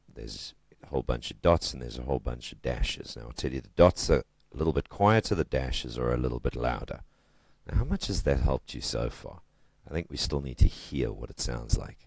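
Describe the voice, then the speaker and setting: A man with an extremely deep voice gives a casual literature lesson. He chats and jokes his way through it and punches the stressed syllables. The sound is close and dry, with no room echo. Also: a little mellow. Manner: chatty and joking, with emphatic stresses. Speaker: literature teacher.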